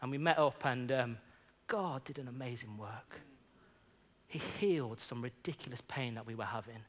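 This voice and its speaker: A man's voice: mid-range voice, normal speed. Earnest man preaching a story-filled sermon. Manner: earnest, conversational, frequent "you know".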